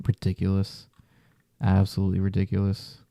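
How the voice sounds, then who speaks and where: A man's voice: low voice, monotone, normal speed, gravelly, warm tone, no room sound. A man reacting casually to a music list, muttering exasperated, profane comments with whispered asides.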